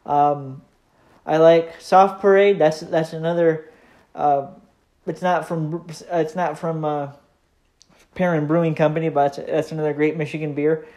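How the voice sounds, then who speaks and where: A man's voice: a little high, steady tone, unhurried, a little mellow. A man hosting his own podcast, talking in a casual, easygoing solo monologue that rambles with frequent hesitations. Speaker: podcast host.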